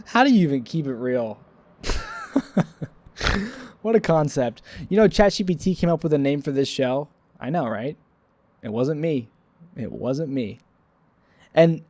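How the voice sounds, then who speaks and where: A man's voice: a little high, animated, normal speed, a little mellow, no room sound. A man rambling sleepily to the camera in a solo vlog, goofy and self-mocking, playing with silly wordplay. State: sleepy, yawning. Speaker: vlogger.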